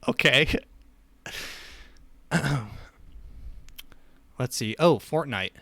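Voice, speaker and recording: A man's voice: mid-range voice, animated, drawn-out words, bright, forceful tone, dry recording. Joking young man, casual podcast banter. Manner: joking, laughs often. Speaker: podcast co-host.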